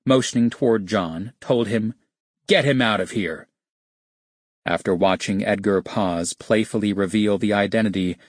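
A man narrates nonfiction in a measured, even storytelling manner. His voice is low with a husky edge. The recording is dry and close, with no room sound. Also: no room sound. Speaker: audiobook narrator. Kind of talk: scripted narration.

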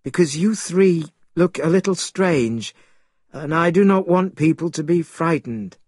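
Guy playing a gentle polite monk, a bit high, husky, slow storybook voice. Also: expressive, no echo, clean studio sound. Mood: earnest. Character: gentle, earnest male monk.

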